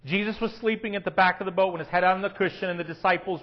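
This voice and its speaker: A man preaching a sermon, swinging from hushed, quiet lines to loud, emphatic ones. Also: sits high, lively intonation, quick pace, few pauses, dull audio.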